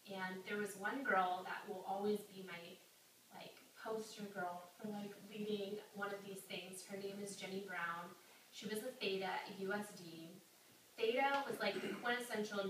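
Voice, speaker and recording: A woman's voice: medium pitch, bright, forceful tone. A young woman telling a story to a gathering in a chatty way, full of "like" and acted-out quotes. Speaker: campus ministry speaker. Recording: echoey hall, distant mic, faint hiss.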